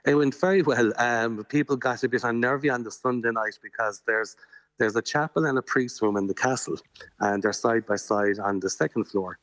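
A man's voice: mid-range voice, steady tone, moderate pace, a bit bright, no room sound. An Irish man being interviewed in a radio studio as a paranormal investigator, explaining at length in an earnest, chatty way.

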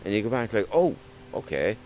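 Low, animated man speaking earnestly. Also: fairly quick, slight background noise.

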